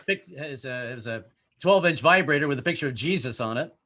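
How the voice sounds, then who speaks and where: A man's voice: mid-range voice, expressive, brisk, sharp tone. A man doing a rambling stand-up comedy set, stumbling over his words and repeating himself. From Irish. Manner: rambling, self-interrupting, puts on character voices.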